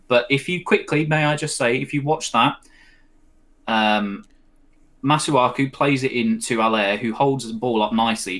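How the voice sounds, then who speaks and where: A man's voice: lowish voice, fairly bright tone. A man co-hosting a casual live football watch-along, mixing play-by-play with rambling chat. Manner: chatty, rambling, with fillers and laughs. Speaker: co-host of a match watch-along.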